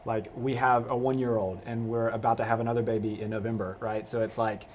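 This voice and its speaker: A man's voice: medium pitch, level tone, a little fast, a little hiss or hum. A young man hosting a live youth discussion, casual and rambling, with many restarts. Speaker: youth pastor host.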